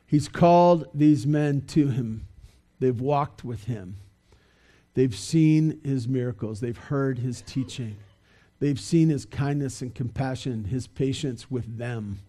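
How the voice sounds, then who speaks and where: A man preaching a sermon in a church, in a conversational, halting way with many fillers and restarts. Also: medium pitch, dark tone. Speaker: pastor.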